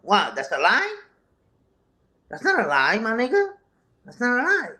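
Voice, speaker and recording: A man's voice: very high voice, wildly swooping pitch, unhurried, pushed and bright. A man, talking heatedly and without a script, profane and confrontational, repeating phrases for emphasis. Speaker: interview guest, online content creator. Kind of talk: heated unscripted talk, answering a live chat.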